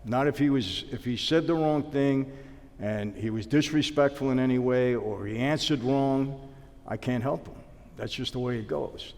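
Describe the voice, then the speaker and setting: A man's voice: medium pitch, moderate pace, in a large hall. New man telling a story. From New York. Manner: animated storyteller acting out dialogue. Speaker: interview guest, former mobster. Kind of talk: storytelling in a sit-down interview.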